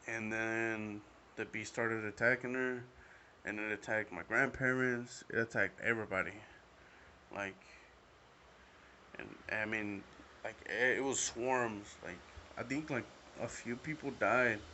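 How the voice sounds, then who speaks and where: A man's voice: on the low side, sharp tone, slight background noise. A young man hosting a podcast, telling a story alone in a rambling, casual way, heavy on fillers and swearing. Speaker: podcast host.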